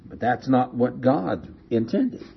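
A man preaching a sermon, telling a story slowly and asking rhetorical questions, heard on a dull lo-fi recording. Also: medium pitch, expressive, vocal fry, a little hiss or hum.

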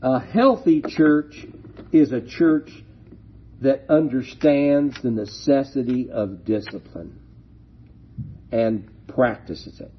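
A man preaching a sermon, slow and deliberate, leaning hard on key words. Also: mid-range voice, husky. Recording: dull lo-fi recording.

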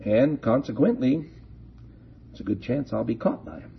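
A man preaching a sermon, slow and deliberate, leaning hard on key words. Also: medium pitch, animated, vocal fry, husky. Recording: dull lo-fi recording.

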